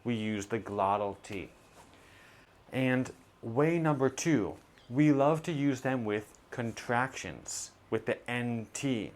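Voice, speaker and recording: A man teaching a pronunciation lesson, modeling sounds slowly and deliberately. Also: mid-range voice.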